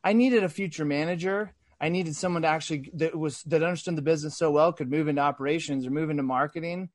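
A man in a business podcast conversation, telling a workplace story in an earnest, animated way with frequent restarts. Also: a little high, fast talker, no room sound, studio quality. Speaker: sales executive guest.

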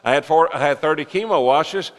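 A man's voice: on the high side, fairly quick. Older preacher man in a reverberant hall. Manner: folksy, joking asides, then rising to impassioned fervor and dropping to hushed tones. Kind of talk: sermon.

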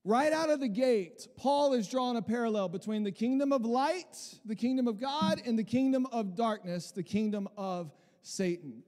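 A man's voice: very high-pitched, lively intonation, normal speed, hardly any pauses, a little mellow, long reverb tail. A man preaching a casual, conversational sermon, full of restarts and asides to the congregation. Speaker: pastor.

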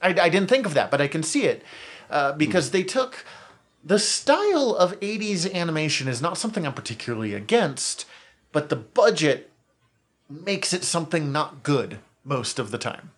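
A man's voice: a little high, sing-song, normal speed, breathy edge. A man co-hosting a podcast, talking in an enthusiastic, opinionated and rambling way with plenty of fillers. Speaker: podcast co-host. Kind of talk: casual chat.

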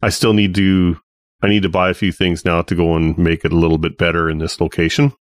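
A man's voice: sits low, level tone, fairly quick, no echo. A man co-hosting a podcast, chatting casually and easygoing, with dry jokes. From Canada. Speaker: podcast co-host. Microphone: home studio mic.

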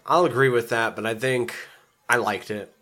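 A man's voice: mid-range voice, pushed and bright. A man co-hosting a casual movie podcast, profane and enthusiastic. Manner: profane, enthusiastic, quick asides. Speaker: podcast co-host. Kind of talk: casual movie review chat.

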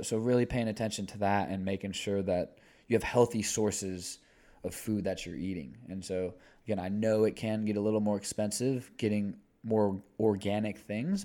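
A man's voice: fairly low pitch, mellow. A man in his twenties co-hosting a podcast, talking casually in a rambling, laid-back way with lots of fillers. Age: 20s. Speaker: podcast co-host.

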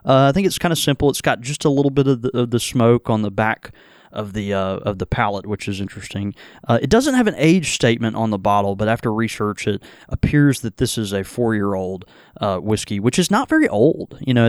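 A man talks loosely about a drink, rambling and circling back with plenty of ums and restarts. His voice sits at an ordinary middle pitch. The sound is dry and close, with no room around it. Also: expressive, brisk, no echo. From American South. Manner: rambling, many fillers and restarts. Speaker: podcast host. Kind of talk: casual whiskey tasting chat.

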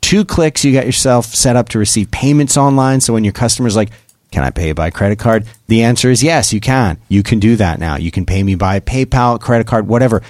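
A man's voice: lowish voice, fairly quick, darkish tone, no room sound, studio quality. A man co-hosting a podcast, chatting casually and rambling through an ad read. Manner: chatty, rambling, self-interrupting. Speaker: podcast co-host.

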